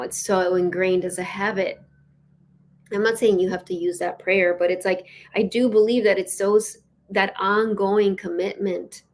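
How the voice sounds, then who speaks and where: A woman hosting her own show, giving a casual spiritual teaching in an earnest, storytelling way with many "like"s and "you know"s. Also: mid-range voice. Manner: earnest, with soft laughs. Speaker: host and spiritual leadership teacher.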